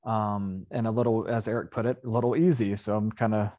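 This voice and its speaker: A man's voice: on the low side, fairly even intonation, a little fast, dark tone. Rambling man hosting a movie podcast. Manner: rambling, full of fillers and self-corrections. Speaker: podcast host. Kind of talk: casual movie review chat.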